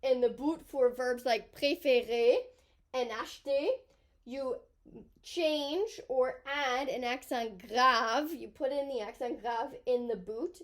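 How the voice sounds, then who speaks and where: A woman high school French teacher giving a recorded grammar tutorial, patiently explaining step by step as she points at a table. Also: slow.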